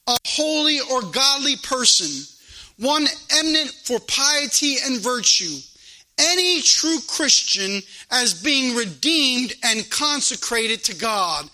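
A man's voice: very high voice, pushed and bright, rough recording. A male pastor, preaching a fervent sermon and repeating phrases for emphasis.

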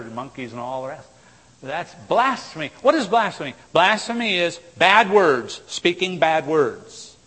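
A man preaching a sermon, swinging from loud exhortation to low, intense tones. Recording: long hall reverb.

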